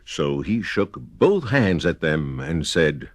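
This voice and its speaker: A man reading a children's picture book aloud, slow and deliberate with a sing-song repetition. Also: rumbling low, sing-song, no room sound. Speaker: storyteller. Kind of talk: children's storybook narration.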